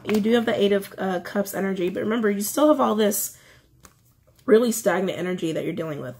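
A woman's voice: medium pitch, a little mellow. A woman giving a casual tarot reading, chatty, often repeating her phrases. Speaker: tarot reader.

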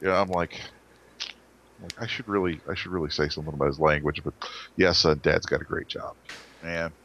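A man's voice: deep voice, fairly even intonation, brisk, fairly bright tone, muffled recording, a little hiss or hum. A man designer telling stories in a casual interview, rambling with restarts and acted-out quotes.

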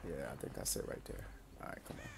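A man's voice: fast talker, background noise. A man streaming a video game, repeating short phrases to himself as he plays. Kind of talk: casual gameplay commentary.

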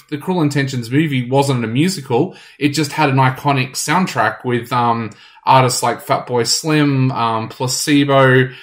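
Enthusiastic radio host, man. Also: mid-range voice. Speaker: radio host reviewing a musical. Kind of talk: casual review chat.

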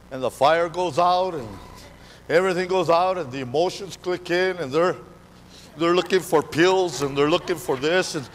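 A man preaching a live church sermon, fervent and repetitive, calling out to the congregation in a call-and-response way. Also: sits high. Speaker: pastor. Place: church sanctuary. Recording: reverberant hall, faint background noise.

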